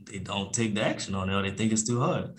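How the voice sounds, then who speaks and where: A man's voice: fairly low pitch, fast talker. Laid-back slangy man talking business. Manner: laid-back, slangy, acts out phone calls in a livelier voice. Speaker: podcast guest, real estate investor. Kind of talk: casual interview talk.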